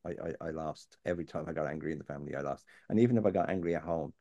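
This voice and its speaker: A man's voice: a bass voice, very fast, warm tone, no echo, lo-fi sound. A man, talking earnestly and plainly as a guest on a faith topic, sometimes digressing. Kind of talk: candid conversational chat.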